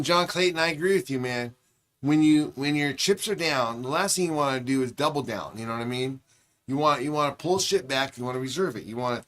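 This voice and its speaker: A man's voice: fairly high pitch, fairly bright tone. A man chatting casually with live viewers, rambling and swearing freely in a laid-back way. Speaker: livestreamer. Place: large public train terminal.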